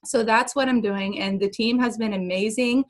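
A woman's voice: a little high, steady tone, rough recording. Earnest, emotional woman telling her story. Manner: emotional, earnest, fast-talking. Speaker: new team member sharing her story. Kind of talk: casual personal testimony on a video call. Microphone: video call.

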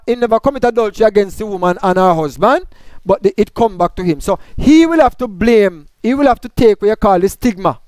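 Male Bible teacher, high smooth voice, dry close sound; lectures by posing and answering his own questions. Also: a little mellow, no echo. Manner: asks questions and answers them himself; explains grammar point by point.

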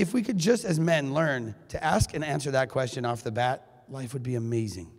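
Guy doing a conference keynote, jokey and animated, gravelly voice, big hall echo. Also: a little high. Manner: animated, jokey, acts out quotes. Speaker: keynote speaker. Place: high school venue. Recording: long hall reverb.

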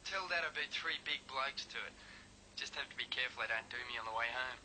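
A man's voice: medium pitch, fast, pushed and bright, a little hiss or hum, poor audio. An actor playing a boastful young Australian man on the phone, in the style of 1980s TV soap acting.

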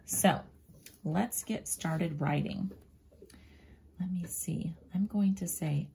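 A woman teacher slowly and gently walking young pupils through a writing lesson, often dropping into a soft near-whisper as she draws and spells. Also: on the low side, gravelly, breathy edge. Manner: slow, gentle, talks directly to young pupils. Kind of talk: children's writing lesson, drawing and thinking aloud.

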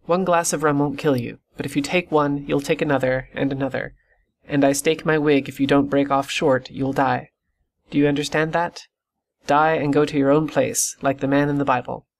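No-nonsense doctor, read by a guy scolding crisply, kinda high voice. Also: steady tone, normal speed. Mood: stern. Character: brisk, stern country doctor, middle-aged man.

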